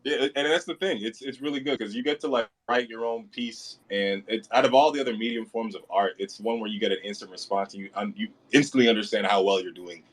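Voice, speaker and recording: A man's voice: on the low side, fairly even intonation, fast, hardly any pauses. A man in his thirties, a comedian guest, telling stories in an easygoing, self-deprecating way with chuckles. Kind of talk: casual storytelling.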